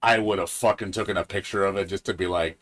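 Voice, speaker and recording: A man's voice: low-pitched, steady tone, fast, a bit bright. Profane, heated man ranting on a stream. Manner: profane, heated ranting with mocking quoted voices. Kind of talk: casual gaming stream rant.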